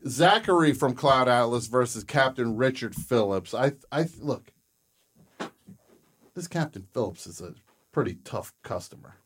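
A man hosting a casual comedy chat show, deadpan and joking, with bursts of loud laughter. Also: medium pitch, measured pace, husky. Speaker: host.

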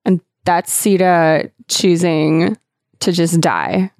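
A young woman chatting casually as podcast co-host, laid-back and quick to laugh. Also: on the low side, darkish tone, dry recording, clean studio sound. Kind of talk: casual chat.

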